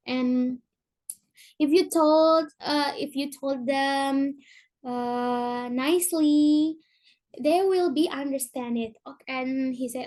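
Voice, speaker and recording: A young woman from Indonesia with a Sundanese accent, giving an informal presentation and searching for words as she speaks. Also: high-pitched. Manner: halting, searching for words in English.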